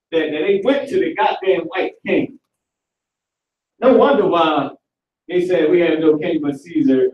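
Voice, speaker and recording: A man's voice: on the high side, muffled recording. A man teaching a live online class in a casual, slangy lecturing manner. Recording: echoey and distant from the mic.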